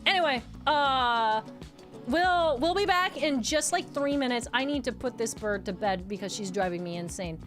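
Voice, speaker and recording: A woman streamer chatting casually with her viewers while playing games, excitable and quick to laugh. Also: a little high, over music. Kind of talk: casual live-stream chat while gaming.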